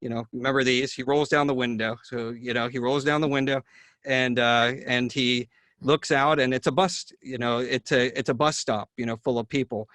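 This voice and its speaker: A man's voice: medium pitch, fairly even intonation, normal speed, fairly bright tone, no echo. A man hosting a conversation, telling a long story with many fillers and restarts. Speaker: neurologist host. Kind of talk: casual video-call conversation.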